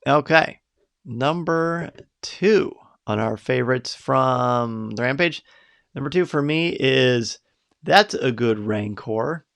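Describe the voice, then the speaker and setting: A man's voice: medium pitch, takes it slowly, gravelly, a bit bright. A man hosting a live podcast, reading out viewers' picks in an upbeat, chatty way. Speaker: podcast host.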